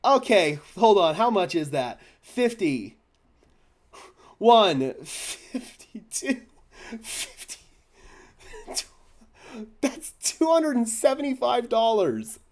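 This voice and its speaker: A young man hosting a fan live stream, stammering and overwhelmed, swinging from hushed thanks to shouting. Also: sits high, big pitch swings, slow pace, long pauses. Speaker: fan channel host.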